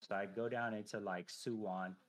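Man in his thirties, lowish voice, casual profane storytelling, lots of fillers. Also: moderate pace. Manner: profane, animated storytelling with frequent filler phrases. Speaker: podcast guest, army veteran.

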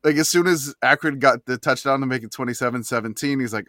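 A man's voice: medium pitch, quick pace, fairly bright tone, no room sound, studio quality. Rambling podcast co-host man. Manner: rambling, with many restarts and fillers. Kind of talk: casual sports podcast chat.

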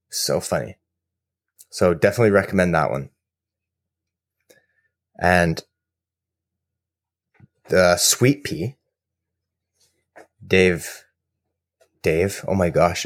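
A man co-hosting a podcast, telling rambling, animated stories in casual chat. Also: sits low, no echo, studio quality. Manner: rambling, animated storyteller with fillers. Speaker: podcast co-host.

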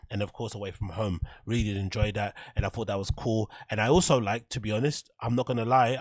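A podcast host with a lowish voice rambles candidly through a casual monologue, full of fillers and the occasional swear word. The recording is dry.

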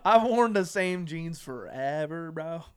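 A man's voice: on the high side, animated, takes it slowly, crowd noise. A man hosting a podcast, putting on a dopey, drawling dude character who ends every phrase with "dude". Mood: goofy. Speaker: podcast host.

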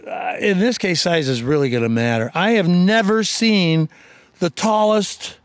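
A man co-hosting a casual on-location interview, telling animated stories and joking with his guest. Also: high-pitched, smooth, no echo, studio quality. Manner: animated storyteller, quick jokes and impressions. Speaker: radio show co-host.

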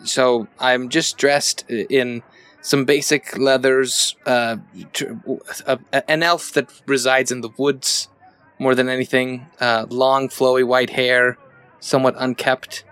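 A man playing a tabletop game, describing his character with frequent hesitations and restarts. His voice is bright and forceful. He speaks at a middling pitch. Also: flat delivery, slow, clear, resonant tone, no room sound. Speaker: player.

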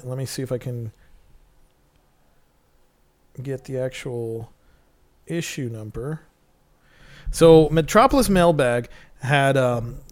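A man's voice: mid-range voice, no room sound, studio quality. A man telling stories in casual chat, rambling and enthusiastic with plenty of fillers.

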